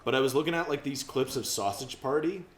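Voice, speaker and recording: Man, let's play co-host, casual rambling banter, middle pitch, roomy echo. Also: fast talker. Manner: rambling, self-interrupting banter. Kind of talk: casual gameplay chat.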